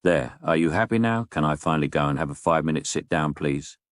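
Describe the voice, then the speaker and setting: A middle-aged man, telling a comic story in a dry, wry, deadpan way with mock-indignant asides. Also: extremely low pitch, fast, no echo. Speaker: narrator.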